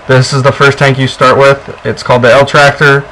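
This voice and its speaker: A man's voice: medium pitch, flat delivery, fairly quick, pushed and bright, a little hiss or hum, poor audio. Chatty young man explaining a game. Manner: chatty, rambling with fillers. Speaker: co-host of a gameplay video. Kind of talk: casual gameplay walkthrough.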